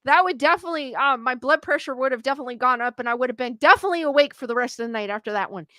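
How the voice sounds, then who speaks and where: A woman with a high, bright voice chats casually as she hosts, reading stories and comments aloud. She reacts freely and laughs often, and her recording sounds dry and close with no room around it. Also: rapid-fire, no echo. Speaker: host reading viewer stories. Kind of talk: casual chat.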